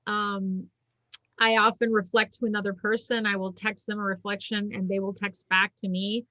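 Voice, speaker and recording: A woman's voice: medium pitch, flat delivery, normal speed, pushed and bright, dry recording, lo-fi sound. Earnest middle-aged woman, dry close sound. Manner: earnest storyteller, many likes and you-knows. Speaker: podcast guest, shamanic healer and former physician. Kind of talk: casual interview chat.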